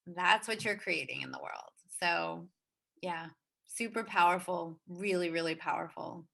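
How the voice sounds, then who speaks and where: Bright, gushing woman host. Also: fairly low pitch, normal speed, vocal fry. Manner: gushing, addresses audience directly. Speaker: host of live online workshop. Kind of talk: enthusiastic live-stream hosting.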